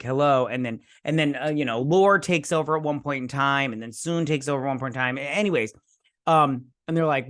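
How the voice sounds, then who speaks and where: A man of ordinary pitch talks through an episode in a loose, rambling recap, stumbling over fillers and acting out the characters' lines in his own voice. The sound is dry and close, with no room around it. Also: fairly bright tone, no echo. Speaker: show host reviewing an episode. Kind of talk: casual recap and review.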